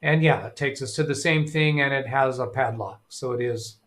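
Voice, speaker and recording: A middle-aged man hosts a casual live tech stream, rambling as he reads chat aloud. He thinks out loud and fills pauses with ums and uhs. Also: mid-range voice.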